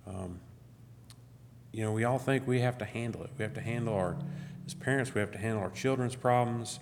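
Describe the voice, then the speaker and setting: A man's voice: fairly low pitch, normal speed, darkish tone, slight background noise. A middle-aged man giving a conversational sermon as guest speaker, full of "you know" and restarts. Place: church. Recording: long church hall reverb.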